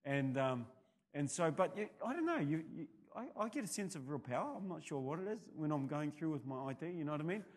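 A male pastor with a New Zealand accent preaching a sermon, telling rambling anecdotes that build to loud, emphatic peaks. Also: fairly high pitch, sing-song, a little fast.

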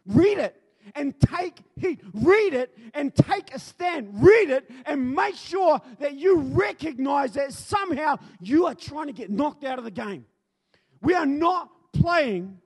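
Really high-voiced kiwi guy giving a sermon, super animated storytelling, yells at the big moments. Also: measured pace. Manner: animated storyteller, acts out scenes, bursts of shouting. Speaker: preacher.

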